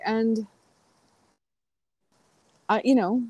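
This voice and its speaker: A woman's voice: fairly low pitch, moderate pace, darkish tone, no echo, rough recording. A middle-aged woman chatting as a podcast guest, rambling through stories with fillers and restarts. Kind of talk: casual podcast conversation.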